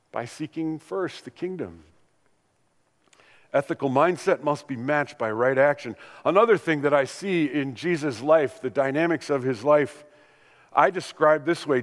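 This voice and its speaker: An older man, a pastor, delivering a sermon that swings between loud emphatic lines and hushed ones. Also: on the high side, in a large hall.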